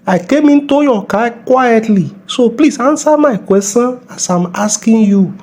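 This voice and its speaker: A man's voice: very high-pitched, lively intonation, measured pace, a little mellow, exaggerated voice. A man with a Nigerian accent playing a bossy, mocking middle-aged police officer in a comedy skit. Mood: scolding. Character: bullying middle-aged male traffic cop.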